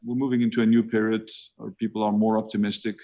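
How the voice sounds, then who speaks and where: A man with a Greek accent, a national leader answering interview questions slowly and deliberately over a video call, with frequent pauses and filler sounds. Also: on the low side, level tone, dark tone, muffled recording. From Greece. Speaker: prime minister being interviewed.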